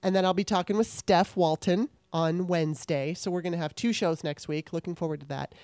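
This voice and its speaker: A woman's voice: lowish voice, a little fast, darkish tone, dry recording, studio quality. A woman podcast host and author, wrapping up an interview and talking to her listeners in a chatty, earnest way. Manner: chatty, earnest, laughs often. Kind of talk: casual interview and solo wrap-up.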